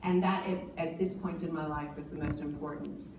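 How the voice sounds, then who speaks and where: A woman's voice: deep voice, fairly even intonation, moderate pace. A woman in her forties giving an earnest personal speech at a forum, talking with many fillers and restarts. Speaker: panel speaker. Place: large conference hall. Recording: distant mic in an echoey hall with noise.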